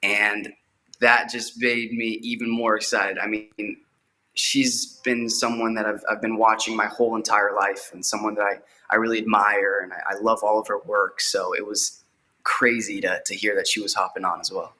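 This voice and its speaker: A man's voice: lowish voice, flat delivery, normal speed, bright, forceful tone. A young man, an actor, talking eagerly in a casual interview and often repeating words as he goes. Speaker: actor guest.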